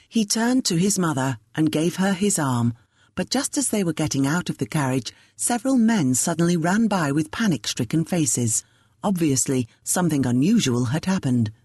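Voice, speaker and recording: Low, husky woman narrating an audiobook. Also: a little mellow, no room sound, studio quality.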